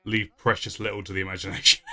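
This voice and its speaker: A man's voice: lowish voice, flat delivery, fast, sharp tone. A man hosting a casual movie reaction, chatty, with lots of fillers and frequent laughs. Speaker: YouTube reaction host.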